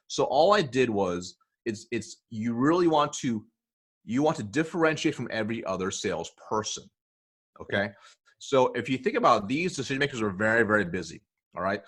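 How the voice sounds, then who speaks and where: A man with a husky, slightly breathy voice sits at middle pitch as he explains sales tactics in an interview. He keeps checking in with his listener, tagging "okay?" and "right?" onto his points. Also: animated, fairly quick, bright, forceful tone. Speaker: sales coach guest.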